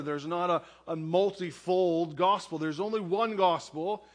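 Higher-voiced man preaching a sermon. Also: fairly bright tone. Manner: conversational, asks "right?" often. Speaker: pastor. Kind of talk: sermon with scripture reading and prayer.

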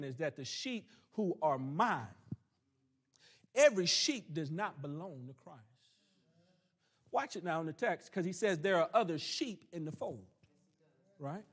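A man leads a church Bible study in full preaching cadence, his voice sitting notably high for a man. He slows right down to lean on his key phrases and slips in homespun country asides. He comes across as a pastor teaching his congregation. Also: lively intonation, breathy edge. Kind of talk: sermon-style Bible teaching.

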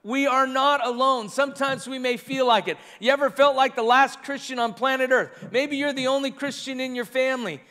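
Man, pastor, very high voice, earnest preaching, reverberant church hall. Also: steady tone, normal speed, hardly any pauses, pushed and bright. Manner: earnest preaching with repeated phrases. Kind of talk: sermon. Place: church sanctuary.

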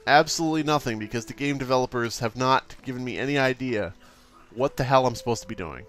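A man doing let's play commentary, exasperated, swearing a lot and reading the game's options out loud. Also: medium pitch, fast talker, soft background music. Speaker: gaming YouTuber.

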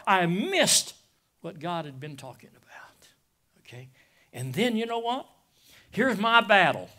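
A middle-aged pastor with a bright, forceful voice that sits a little high for a man. He preaches with passion, dropping to near-whispers for his confessions and then surging loud. He keeps checking in with the congregation, asking "Amen?". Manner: addresses listeners as "guys" with call-outs of "Amen?". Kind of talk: sermon.

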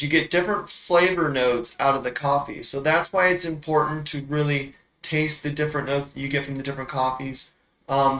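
A man's voice: a little high, sharp tone, reverberant, poor audio. A man hosting a casual coffee tasting demo, explaining brewing methods step by step with frequent fillers.

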